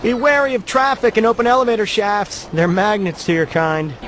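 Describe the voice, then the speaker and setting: A man's voice: high-pitched, a little fast, a little hiss or hum. A man playing a snide, mock-formal game store clerk. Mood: snidely formal. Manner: mock-formal, deadpan insults. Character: rude, condescending male game store clerk.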